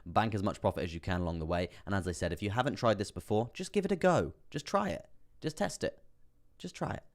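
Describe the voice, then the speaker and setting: On a laid-back live stream, a very deep-voiced man gives casual commentary on crypto markets. He wanders through the charts in a chatty, rambling way, using lots of fillers and often laughing to himself.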